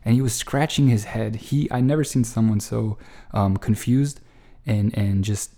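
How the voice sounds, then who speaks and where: A man spins a long, meandering anecdote, cursing freely and tripping over his own restarts. His voice sits slightly low and has a dark, mellow tone. He sounds exasperated as he recounts his frustrations. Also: moderate pace. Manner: rambling, profane, lots of restarts; exasperated, animated retelling. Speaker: storyteller. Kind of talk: casual anecdote monologue.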